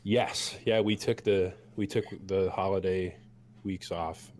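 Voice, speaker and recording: Hoarse low-voiced man running a game. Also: steady tone, slow, darkish tone. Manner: easygoing, many filler ums. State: hoarse from a cold. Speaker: game master. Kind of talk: recapping a tabletop game session.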